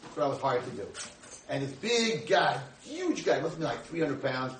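A man's voice: fairly high pitch, sing-song, moderate pace. A man in his sixties, a rabbi giving a humorous storytelling lecture, acting out the dialogue. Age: 60s. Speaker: rabbi and speaker. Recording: echoey room, from far off, faint hiss.

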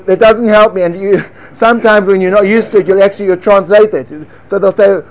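A man with a fairly high voice gives an earnest, hands-on lecture on teaching Talmud to a small group. He talks as if demonstrating each point, and now and then drifts into a sing-song study chant. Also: steady tone, quick pace, darkish tone.

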